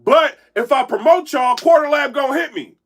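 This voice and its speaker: A man talking indoors in a casual live-stream commentary, animated and rambling, often checking in with his chat. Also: very high voice, normal speed. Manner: animated, rambling, keeps asking "you know what I'm saying". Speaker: battle rap commentator and blogger. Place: indoor room.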